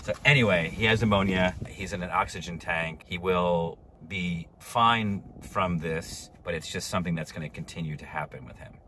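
A man's voice: low-pitched, moderate pace, hardly any pauses, sharp tone, slight background noise. A middle-aged man hosting a casual vlog, chatty and joking. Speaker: vlog host.

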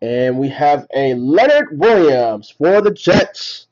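A man hosting a live card break, calling out each card and getting excited over big pulls. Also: on the high side, slow, dull audio. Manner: rattles off names, excited at big hits. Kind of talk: live card-opening commentary.

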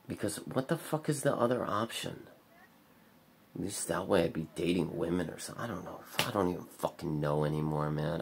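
A man's voice: sits low, vocal fry, slight background noise. A man talking in a bleak, rambling confessional vlog monologue, swearing often and leaning on filler words. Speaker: vlogger.

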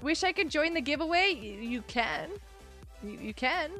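A woman's voice: high voice, animated, moderate pace, pushed and bright, faint music behind. A woman live streaming and chatting with her viewers in a bubbly, giggly way while nursing a headache. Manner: bubbly, giggly, talks to chat. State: has a headache.

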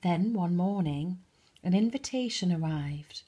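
Softly and expressively, a woman reads a bedtime story meant for toddlers, now and then sinking into a whisper. Her voice is fairly low and her pace is slow.

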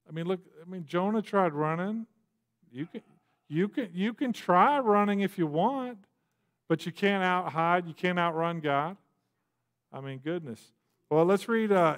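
A man's voice: a little high, clean tone. A man delivering a sermon from the pulpit in a loose, talkative manner. He speaks in a slightly raised voice, drops in fillers and asides, and acts out little voices as he goes. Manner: conversational preaching with frequent fillers and asides. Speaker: pastor. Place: church.

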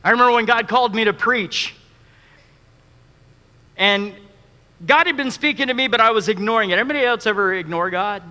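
A man's voice: high voice, a little fast, pauses often, bright, forceful tone, in a large hall. A man preaching a sermon who mixes humor and personal stories into his teaching. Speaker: pastor.

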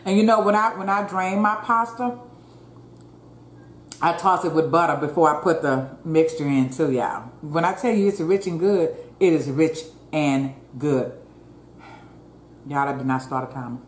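A woman's voice: deep voice, normal speed. A woman hosting a mukbang, chatting in a folksy way with her viewers and murmuring "mm" between bites. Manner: murmurs while chewing. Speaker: mukbang host. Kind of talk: casual eating chat. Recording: roomy echo, faint ambience.

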